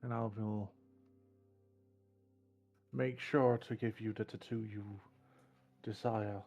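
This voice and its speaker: A man playing a calm male tattoo artist who talks in a slow, gentle, reassuring way. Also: lowish voice, vocal fry, faint music behind.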